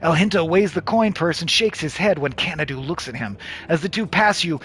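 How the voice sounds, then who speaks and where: A man streaming a video game, reading the story aloud in a playful, animated way. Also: on the high side, fairly quick, slight background noise. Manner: playful and animated, breaks into laughter.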